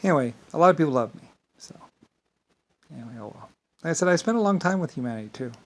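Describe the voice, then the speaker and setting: A man's voice: on the high side, animated, fast talker, rough recording. A man in a rambling, grandiose monologue to camera, swearing and laughing at himself. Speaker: vlogger.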